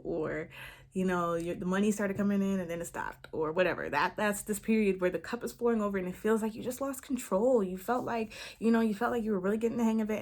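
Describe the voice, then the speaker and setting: A woman talking to camera as a manifestation coach, frank and emphatic, swearing freely and checking in with the listener again and again. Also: medium pitch. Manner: emphatic, keeps checking in with "okay?". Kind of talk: impromptu casual vlog talk.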